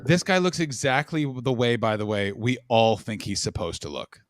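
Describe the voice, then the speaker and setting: A man with a North American accent hosting a casual chat stream, joking and animated. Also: mid-range voice, dry recording. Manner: quick, joking, animated asides. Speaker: host.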